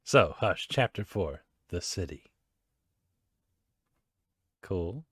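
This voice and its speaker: A young man talks through a comic book in a relaxed, chatty way, breaking into laughter and quick impressions of the characters. His voice sits a little low, and the sound is dry and close. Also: breathy edge, no room sound. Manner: laughs often, acts out characters' lines loosely. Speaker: comic reader and podcast host. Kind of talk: casual chat, reading comics aloud.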